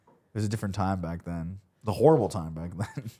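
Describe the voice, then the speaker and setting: A man's voice: deep voice, brisk, mellow, slightly rough. A young man co-hosting a podcast, chatting casually in a crude, joking way. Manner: crude, joking, riffs into mock impressions. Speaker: podcast co-host.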